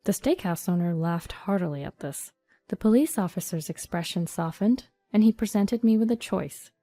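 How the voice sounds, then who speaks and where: Woman narrating a story, dry and mellow. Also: mid-range voice, expressive, normal speed, dry recording. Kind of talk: first-person story narration. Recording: dry studio voice-over over soft music.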